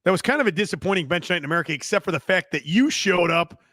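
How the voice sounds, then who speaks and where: A man's voice: high voice, animated, very fast, fairly bright tone, no room sound, studio quality. A man hosting a casual podcast chat, teasing his guest and swearing often. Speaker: podcast host. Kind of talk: casual chat, joking and profane.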